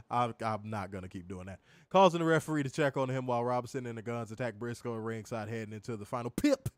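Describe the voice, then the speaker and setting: A man's voice: mid-range voice, fast talker, dry recording. A man hosting a casual wrestling review show, recapping matches in a loose, profane way and laughing often.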